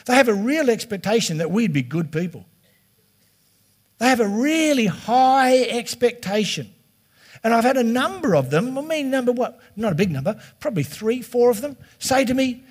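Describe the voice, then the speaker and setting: A man's voice: extremely high pitch, very animated, normal speed, breathy edge. A middle-aged man preaching a sermon as pastor in a chatty, conversational way. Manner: chatty and conversational, slipping into quoted voices.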